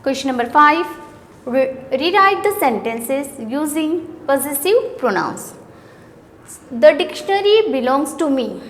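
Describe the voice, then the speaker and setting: A high-pitched woman with an Indian English accent walks through a grammar worksheet like a schoolteacher. She reads each sentence aloud, then questions and answers herself. Her voice carries a long reverb, as if in a bare room. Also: sing-song, measured pace, slight background noise. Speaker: teacher.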